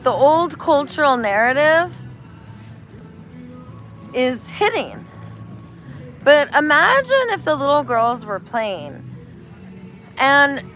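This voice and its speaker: A woman, a spiritual healer, talking casually and telling animated stories, acting out voices as she goes. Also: on the high side, rough recording. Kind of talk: casual street conversation.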